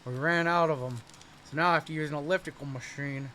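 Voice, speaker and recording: A man doing a slow, gruff tough-guy wrestler. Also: fairly high pitch, fairly even intonation, pushed and bright, a little hiss or hum. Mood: boastful.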